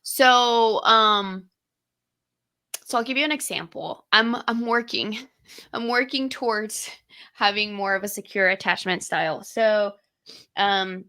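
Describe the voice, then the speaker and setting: Bright-voiced candid young woman. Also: medium pitch, takes it slowly, smooth. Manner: candid, swears casually, retells moments vividly. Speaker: podcast co-host. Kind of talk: casual conversation.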